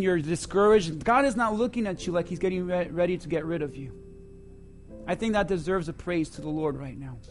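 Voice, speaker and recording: A man preaching a sermon to his church, swinging between loud emphasis and hushed asides. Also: high-pitched, fairly quick, soft background music. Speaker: pastor.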